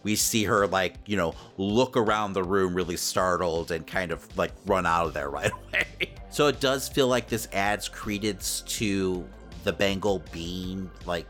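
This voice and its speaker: Low-voiced man chatting about comics. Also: a little slow, hardly any pauses, a bit bright, soft background music. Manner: chatty, lots of "you know" and "like" fillers. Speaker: podcast co-host. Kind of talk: casual pop-culture review chat.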